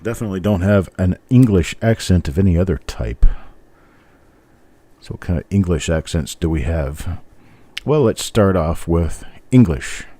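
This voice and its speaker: A man's voice: deep voice, lively intonation, normal speed, mellow, dry recording. An older man with a general American accent, hosting a live stream and chatting casually with viewers in a rambling, easygoing way. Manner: rambling, easygoing, chuckles often. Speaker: host of a live coin roll hunt stream.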